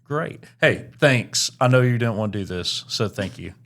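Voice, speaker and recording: A man's voice: lowish voice, expressive, moderate pace, heavy background noise. A middle-aged man hosting a casual church podcast, teasing guests and telling dad jokes. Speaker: podcast host. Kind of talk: casual interview chat.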